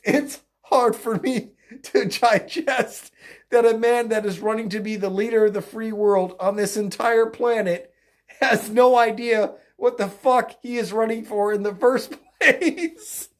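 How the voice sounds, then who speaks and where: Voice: medium pitch, steady tone, unhurried. A political commentator ranting mockingly in a solo video, breaking into laughter often.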